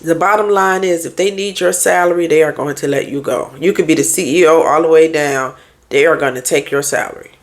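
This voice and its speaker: A woman speaking as a therapist and life coach in a relaxed podcast monologue. Her voice sits a little on the low side. She talks frankly and conversationally, stacking up rhetorical questions. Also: brisk.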